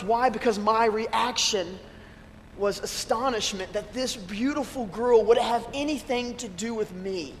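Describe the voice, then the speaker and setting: Man, pastor, sermon, high pitch, chatty storyteller, self-deprecating humor, faint background noise. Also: fairly bright tone. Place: church sanctuary. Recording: long church-hall reverb with faint room noise.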